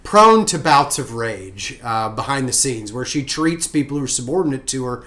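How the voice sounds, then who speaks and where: A man's voice: mid-range voice, lively intonation, moderate pace, pushed and bright. A married man on a casual political podcast, blunt and often restarting his sentences.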